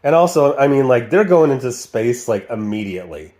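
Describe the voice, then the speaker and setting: A man in his forties from the American Midwest talks through a video review in a relaxed, conversational way. His tone is dry and sarcastic. Now and then he breaks into over-the-top voices to mock what he quotes. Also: mid-range voice, fairly quick. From Midwestern United States. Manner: sarcastic, slips into exaggerated cartoon voices when quoting. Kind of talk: casual video commentary.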